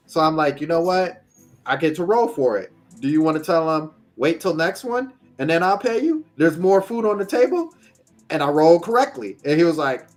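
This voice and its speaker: Speaking at a normal pace in a slightly high voice, with faint music behind him, a man co-hosting a casual podcast spins a lengthy game tale. He laughs often and performs each quoted character with animation.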